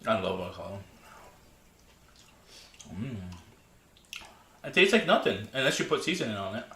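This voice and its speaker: A man's voice: on the low side, sing-song, normal speed, sharp tone, echoey room. A man hosting a casual livestream from his home kitchen, eating and answering chat with many restarts and mumbled tasting sounds. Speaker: livestream host.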